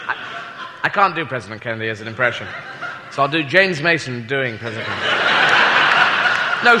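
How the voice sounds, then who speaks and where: A man doing stand-up comedy, rambling and self-mocking, with sweary asides. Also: mid-range voice. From Britain. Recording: reverberant hall with loud crowd noise.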